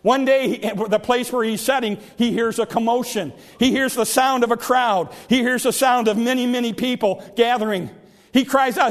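A man's voice: very high voice, moderate pace. A man preaching a sermon with passion, repeating his phrases and crying out as he acts out the scripture stories. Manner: impassioned preaching, repeats phrases, cries out in acted quotes.

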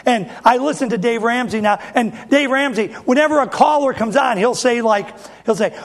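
A high-pitched man in his fifties preaching to his congregation. He speaks in a folksy, emphatic way and keeps returning to the same rhetorical question. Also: normal speed, hardly any pauses. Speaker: pastor. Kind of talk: sermon.

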